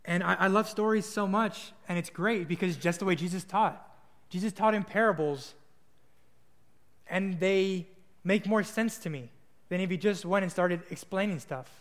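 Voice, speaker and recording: High-voiced young man preaching in a hall. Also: normal speed, fairly bright tone. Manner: casual, earnest, with small restarts. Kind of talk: sermon with storytelling.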